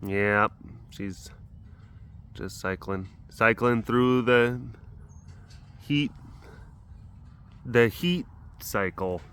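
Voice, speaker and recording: A man's voice: fairly low pitch, very slow, pauses often, a bit bright, slight background noise. A man hosting a casual vlog at a big cat facility, telling a story with laughs and cooing fondly at the animals. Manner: chatty, laughing, coos affectionately at the animals. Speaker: animal caretaker and vlog host.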